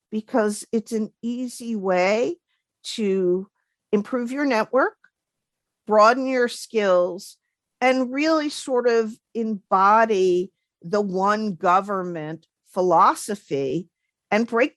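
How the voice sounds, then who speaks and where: A woman co-hosting a career podcast, explaining things in a measured, deliberate way. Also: mid-range voice, no room sound. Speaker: podcast co-host, federal careers advisor. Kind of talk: casual chat.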